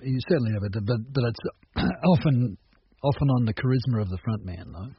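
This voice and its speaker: A man's voice: mid-range voice, lively intonation, fairly quick, husky. A man hosting a radio interview, prodding his guest with leading questions. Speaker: radio host. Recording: dull radio recording with faint noise.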